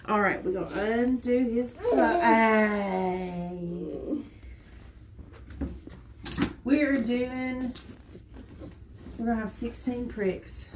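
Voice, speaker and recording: A woman's voice: fairly high pitch, extremely slow, long pauses, roomy sound, noisy background. A woman nurse explaining an allergy skin test while talking in sing-song baby talk to an infant in a clinic exam room.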